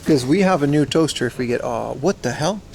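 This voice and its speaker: A man's voice: medium pitch, lively intonation, fairly quick, vocal fry, darkish tone, a little hiss or hum. A man casually chatting on a livestream as he browses a secondhand shop, slangy and talkative, answering his chat.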